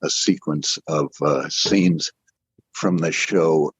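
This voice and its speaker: With a slow, bass voice carrying a breathy edge, an older man shares his career history as an animator in an interview. He rambles, pokes fun at himself and often restarts sentences, and the low-quality recording has no echo.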